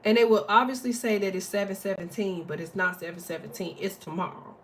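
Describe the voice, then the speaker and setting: A woman's voice: mid-range voice, a little fast, slight background noise. A woman giving a casual astrology and tarot reading, talking bluntly and profanely, rambling with lots of fillers.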